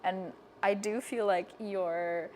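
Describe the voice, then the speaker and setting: A woman with a Canadian accent interviewing a guest, encouraging and quick to laugh along. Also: medium pitch, steady tone, a little hiss or hum. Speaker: interviewer, podcast host. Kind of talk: casual interview chat. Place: hair salon.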